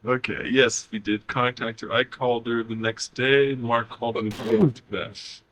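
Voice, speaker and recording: A man's voice: mid-range voice, steady tone, moderate pace, fairly bright tone. A man putting questions to a channeled spirit in a channeling session, with short, agreeable replies.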